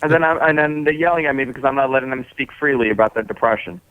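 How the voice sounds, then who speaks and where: A man's voice: medium pitch, very fast, clean tone, no echo. A male caller on a call-in show, exasperated and stammering as he talks. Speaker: caller, chat room owner. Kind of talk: phone call-in. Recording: tinny phone line.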